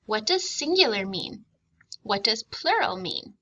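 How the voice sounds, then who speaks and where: A woman teacher giving a recorded spelling and grammar lesson, reading words and sentences slowly and clearly, patient and encouraging. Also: medium pitch, big pitch swings, sharp tone, slight background noise, rough recording. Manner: slow, clearly enunciated dictation, patient and encouraging.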